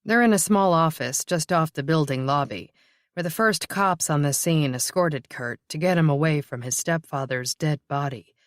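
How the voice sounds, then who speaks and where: A steady audiobook narrator reading prose at an even, measured pace. The voice sits at a middle pitch. The recording is dry with no room sound. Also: no echo.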